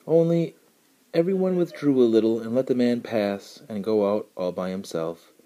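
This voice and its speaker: A man narrating a children's story with expressive, storytelling delivery. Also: lowish voice, normal speed. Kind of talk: storybook reading.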